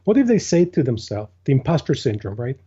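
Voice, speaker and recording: A man's voice: medium pitch, big pitch swings, a little fast, dark tone, slightly rough. A man who leads an organization, speaking earnestly and with emphasis as a guest in a casual interview. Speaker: guest, business leader. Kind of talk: casual chat. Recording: dull lo-fi recording.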